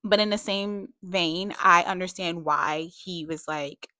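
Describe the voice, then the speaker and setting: A woman's voice: lowish voice, measured pace, pushed and bright, no echo, studio quality. A young adult woman giving a casual book review vlog, chatty and full of "like" and "you know", breaking into emphatic rants. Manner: frequent fillers like "like" and "you know".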